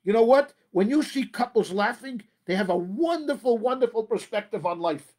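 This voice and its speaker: A rabbi giving a motivational talk on marriage, emphatic, repeating phrases and calling the audience ladies and gentlemen. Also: male voice, very high voice, lively intonation, normal speed.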